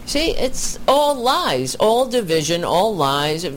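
A commentator reacting to a speech video, indignant and deliberate, with the occasional swear. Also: mid-range voice, big pitch swings, slight background noise.

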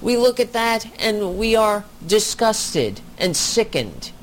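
A commentator reacting to a speech video, indignant and deliberate, with the occasional swear. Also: medium pitch, sing-song, a little hiss or hum.

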